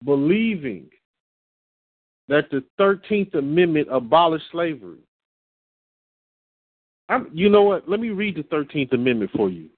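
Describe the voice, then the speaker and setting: A man preaching in an emphatic lecturing style, repeating lines slowly for stress. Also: fairly high pitch, sing-song, breathy edge, no echo. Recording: tinny phone-like audio.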